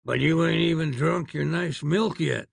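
A man's voice: on the high side, unhurried, gravelly, slightly rough, dry recording, clean studio sound, pitched above the performer's own voice, full character voice. A man voicing a rude, menacing cowboy outlaw in a storybook reading. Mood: surly. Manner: rude, drawling, threatening.

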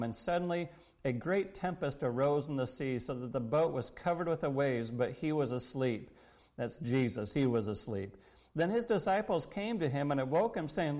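A man's voice: a little high, darkish tone. Man preaching an earnest sermon. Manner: earnest, measured preaching with scripture quotes. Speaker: pastor.

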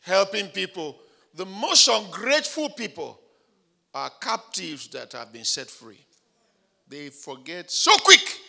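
A male pastor preaching a dramatic sermon, building up to shouted declarations. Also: sits high, very animated, takes it slowly, gravelly.

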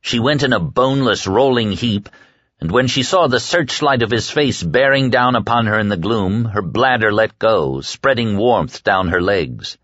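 A man narrating a horror audiobook in a dramatic, expressive storytelling manner. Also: on the low side, moderate pace, no room sound, lo-fi sound. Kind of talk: scripted narration.

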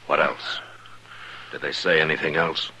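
An actor playing a calm, firm frontier marshal in a 1950s radio western. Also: male voice, rumbling low, unhurried, breathy edge, full character voice. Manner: firm, level, commanding.

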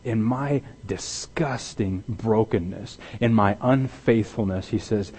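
A man preaching a sermon as pastor, emphatic and repeating words, swinging between loud stress and hushed intensity. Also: lowish voice, slow pace, few pauses, husky. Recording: long hall reverb.

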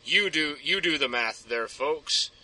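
Bright-voiced man ranting on a podcast. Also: fairly high pitch, animated, a little slow, no room sound, low-quality recording. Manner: profane, ranting, rambling. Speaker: podcast guest. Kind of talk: casual chat, storytelling.

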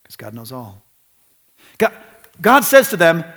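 A male pastor delivering a sermon with a fairly high voice, earnest and conversational, doubling back on phrases to drive points home. His words ring through a church with a long hall reverb. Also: huge pitch swings, measured pace, long pauses, a bit bright.

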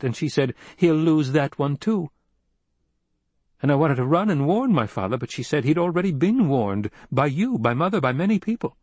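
A man's voice: on the high side, darkish tone, dry recording, voice pushed up. A man voicing an earnest, troubled young male heir who speaks urgently when upset.

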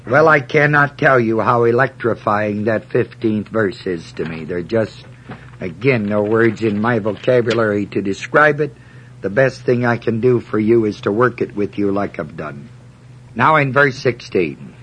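A man teaching through Bible verses one by one, reading scripture aloud in a measured cadence and stressing key words. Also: fairly low pitch, a bit bright, husky, rough recording. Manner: slow and deliberate, emphatic on key words.

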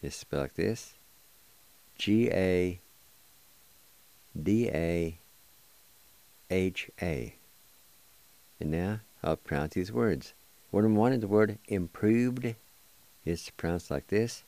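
A man's voice: low-pitched, slow, long pauses, dark tone, dry recording. A man hosting a radio language lesson, patiently spelling and sounding out words one syllable at a time. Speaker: radio host teaching a language.

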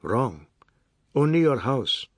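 A man's voice: medium pitch, sing-song, slow, no echo, studio quality. A man voicing a blunt, matter-of-fact male family elder.

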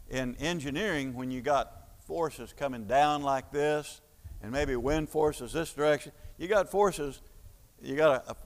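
A man at middle pitch preaches in an explaining, teacherly way, pausing on fillers and restarting his sentences. His voice carries a long reverb through a church hall. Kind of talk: sermon.

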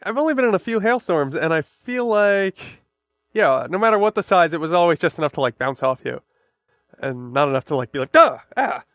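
A man's voice: on the high side, animated, a bit bright, no echo. A man co-hosting a casual podcast, chatting playfully and riffing on jokes. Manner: playful, joking, quick to riff. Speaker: podcast co-host.

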